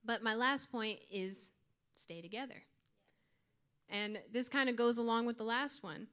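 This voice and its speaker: A woman's voice: fairly high pitch, unhurried, a bit bright, smooth. A young woman giving an earnest, informal youth sermon to her church group, with light laughs. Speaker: youth speaker.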